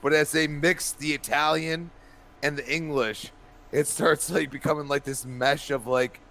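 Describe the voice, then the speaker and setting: A man's voice: a little high, unhurried, a little hiss or hum. Man telling rambling family stories. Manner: rambling animated storyteller, many restarts and laughs. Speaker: podcast co-host. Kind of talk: casual chat.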